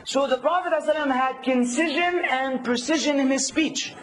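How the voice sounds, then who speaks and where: A man teaching a workshop, lively, quizzing his audience and acting out hecklers. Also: very high-pitched, normal speed, poor audio. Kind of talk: workshop lecture.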